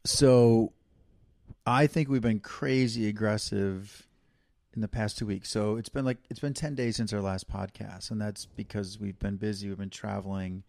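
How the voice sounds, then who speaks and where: A man's voice: lowish voice, fairly even intonation, moderate pace, creaky, darkish tone, no echo. A middle-aged man co-hosting a podcast, chatting casually and teasing playfully. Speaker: podcast co-host. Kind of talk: casual chat.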